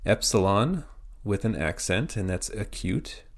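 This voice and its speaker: A man teaching a pronunciation lesson, spelling out words letter by letter in a slow, methodical way. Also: lowish voice, animated.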